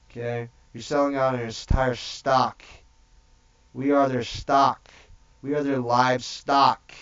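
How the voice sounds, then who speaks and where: A man giving a preachy, profane livestream rant, repeating "okay?" after each point. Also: medium pitch. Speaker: livestream host. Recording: dull distant mic.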